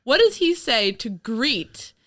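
A woman's voice: on the high side, slow, dry recording, clean studio sound. Sarcastic, laughing American woman. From United States. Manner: sarcastic, animated, laughs often. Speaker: podcast co-host. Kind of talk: casual movie commentary chat.

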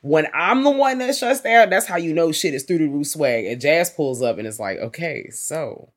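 A woman co-hosting a casual podcast chat, playful and expressive, acting out quotes in her stories. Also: low voice, a little fast. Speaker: podcast host.

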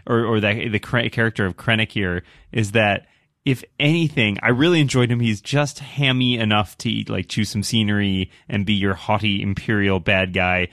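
Male podcast panelist, lowish voice, dry sound, emphatic opinions. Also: normal speed, fairly bright tone, dry recording. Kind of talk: casual podcast chat.

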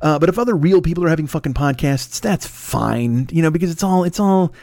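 A man's voice: on the high side, expressive, a little fast, a little mellow, no room sound. Profane, rambling man on a podcast. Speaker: podcast host. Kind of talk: casual comedic rant. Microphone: podcast microphone.

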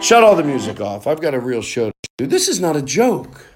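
A man's voice: fairly high pitch, sing-song, a little fast, few pauses, faint music behind. A man hosting his own show, rambling and cursing in loose comedic banter, now and then singing off-key. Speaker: show host.

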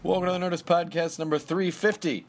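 A podcast host in his thirties talks fast in a high, steady-toned voice from a New York studio. He chats casually and reads ads in a jokey, rambling manner.

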